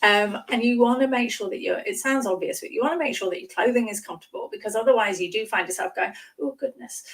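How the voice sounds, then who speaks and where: A woman speaking coach chatting on a video call, lively and acting out examples with little exclamations. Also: medium pitch, fast, hardly any pauses, far from the mic, poor audio. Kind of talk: casual chat on a live stream.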